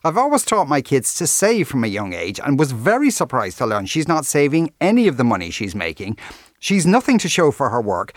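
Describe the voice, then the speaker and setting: Lively male radio host. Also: on the high side, no room sound, clean studio sound. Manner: reads letters aloud, brief agreeing interjections. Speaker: radio show host reading listener questions. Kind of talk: reading listener letters on air.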